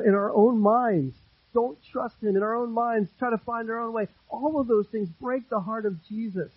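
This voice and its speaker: A man preaching a sermon as pastor, earnest, repeating phrases for emphasis and swinging between loud and hushed delivery. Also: high-pitched, breathy edge, dry recording, phone-quality sound.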